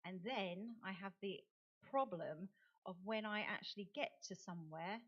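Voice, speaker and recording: A woman's voice: medium pitch, moderate pace, lo-fi sound. A middle-aged woman giving a conference talk in a chatty, self-deprecating way, laughing often. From United Kingdom. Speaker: conference speaker and advocate. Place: conference venue.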